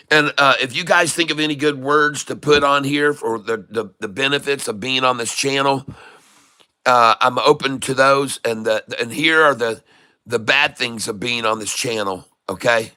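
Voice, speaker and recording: A man's voice: mid-range voice, moderate pace, sharp tone, dry recording, studio quality. A man hosting a live stock-trading stream, teaching from the charts with playful, jokey banter and bits of joke French and Spanish. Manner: chart-pointing teacher, addresses viewers as folks.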